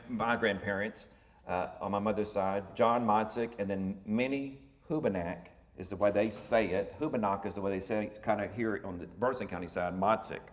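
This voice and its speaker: A man, giving a folksy, rambling family history lecture full of fillers and self-corrections. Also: on the low side. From Texas. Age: 50s. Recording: reverberant hall.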